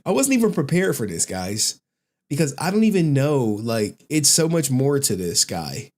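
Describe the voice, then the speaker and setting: A male streamer rambles through casual live chat. His pitch is mid-range but very lively, and he breaks into laughter often. The delivery is loose and animated. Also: moderate pace. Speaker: streamer, host.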